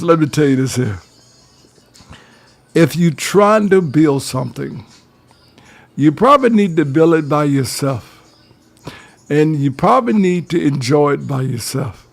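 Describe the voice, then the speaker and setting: A man's voice: on the high side, normal speed. An older man, giving preachy advice on a talk radio show and calling his listeners fellas. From Georgia, US.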